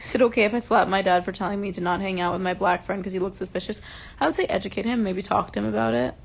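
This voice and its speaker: A woman's voice: medium pitch, fairly even intonation, very fast, gravelly, slightly rough. A woman hosting a casual livestream chat, talking heatedly and emphatically and swearing often, into a phone held close. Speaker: livestream host.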